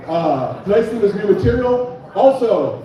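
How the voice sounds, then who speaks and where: A man's voice: high-pitched, very animated, normal speed, very echoey, far from the mic, dull audio. A young man hosting a bar comedy night and doing stand-up, loose and joking, chatting with the crowd. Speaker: comedy show host and stand-up comic.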